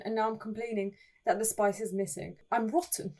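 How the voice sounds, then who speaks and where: A woman's voice: a little high, a little fast, few pauses, a little mellow. A young woman in a casual, playful recap of an online story, chatty and laughing often, with dramatic asides.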